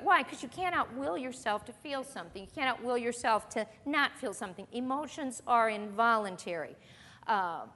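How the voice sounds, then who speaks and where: A woman's voice: on the high side, lively intonation, moderate pace, bright, forceful tone. Earnest woman teaching a Bible lesson. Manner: earnest, conversational, with rhetorical questions. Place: church meeting room with an audience. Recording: long reverb of a hall.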